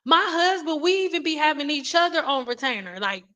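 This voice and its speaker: A woman's voice: sits high, sing-song, brisk, sharp tone, rough recording. A woman hosting a casual livestream, talking in a chatty, rambling way with lots of restarts and apologies. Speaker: beauty vlogger and livestream host.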